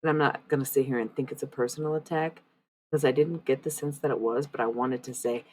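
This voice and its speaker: A woman's voice: extremely low pitch, fairly even intonation, a little fast, darkish tone, slight background noise, poor audio. A woman livestreaming oracle card readings, chatting loosely with viewers, using many fillers and swearing bluntly. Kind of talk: casual live-stream chat with viewers.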